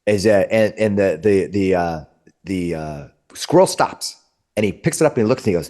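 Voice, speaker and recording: A man's voice: sits low, lively intonation, normal speed, a little mellow. A man narrating as game master, describing scenes in a meandering, searching way. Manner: descriptive and meandering, with frequent restarts.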